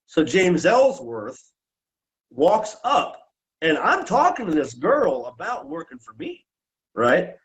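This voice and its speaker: A man tells wrestling stories on a podcast, swearing freely and acting out the people in them. His voice sits fairly high and his pitch jumps around a lot. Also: slow, rough recording. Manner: profane, animated storyteller who acts out quotes. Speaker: podcast guest, former wrestler and referee. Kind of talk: casual storytelling on a podcast.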